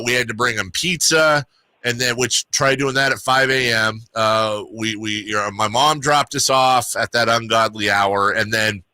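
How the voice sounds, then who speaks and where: Bright-voiced man hosting sports radio. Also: mid-range voice. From Sacramento area. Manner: chatty, rambling storyteller with restarts. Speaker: radio sports talk host. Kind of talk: casual radio chat.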